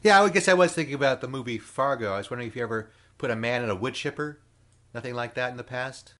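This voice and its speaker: A man's voice: mid-range voice, quick pace, a bit bright. A man in his fifties hosting an interview, asking questions in a wry, joking way. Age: 50s. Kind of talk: casual interview.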